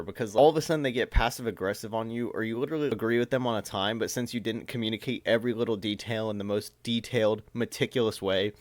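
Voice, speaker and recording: A man's voice: on the low side, no echo. Chatty man reacting to texts. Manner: reads texts aloud and comments, chatty and amused. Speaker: reaction video host. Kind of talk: casual reaction commentary.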